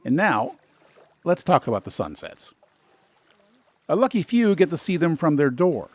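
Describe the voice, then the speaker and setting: A man's voice: on the high side, big pitch swings, a little slow, darkish tone, no echo. A man hosting a travel guide, giving scripted narration with dry, sarcastic asides.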